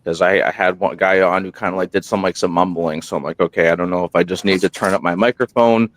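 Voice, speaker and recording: A man on a podcast, a guest who hosts his own show, telling stories in a rambling, animated way and acting out quotes, sounding tired at night. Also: low voice, fast talker, a little hiss or hum. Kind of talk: casual interview storytelling. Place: remote room while on military deployment. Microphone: single portable microphone.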